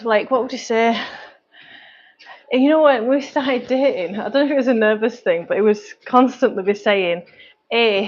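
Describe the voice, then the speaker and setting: Manchester accent lady coaching on a live, chatty and rambly, a bit high, dull lo-fi sound. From North West England. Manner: chatty, rambling, lots of fillers. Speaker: fitness coach. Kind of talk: live stream chat.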